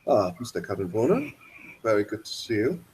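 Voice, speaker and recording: A man's voice: on the low side, sing-song, brisk, darkish tone, slight background noise, pitched below the performer's own voice, low-quality recording. A man voicing a genteel male host who greets guests in a welcoming, old-fashioned and gracious manner.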